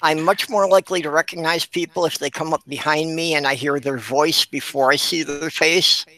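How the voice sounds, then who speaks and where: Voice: mid-range voice, fairly even intonation, moderate pace, sharp tone, poor audio. A person asking careful, curious questions on a casual video call. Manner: careful, inquisitive.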